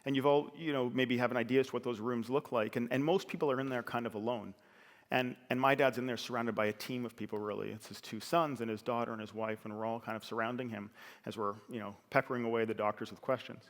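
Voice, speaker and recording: Speaking on stage in a big hall with echoing acoustics, a middle-aged man shares a personal story earnestly and conversationally, stumbling into fillers and restarts. His voice is medium in pitch, fairly even in intonation, and quick.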